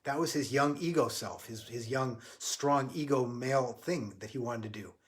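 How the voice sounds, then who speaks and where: Guy teaching on a livestream, earnest, stops and restarts a lot, average pitch. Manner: earnest, halting, many restarts. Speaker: spiritual teacher. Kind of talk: spiritual talk, storytelling.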